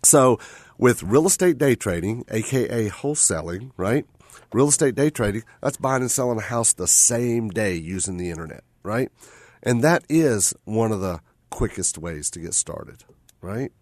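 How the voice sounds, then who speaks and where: A man's voice: lowish voice, animated, normal speed, darkish tone, no room sound. A man hosting a radio talk show, chatting casually and tagging his points with "right?" and repeated phrases.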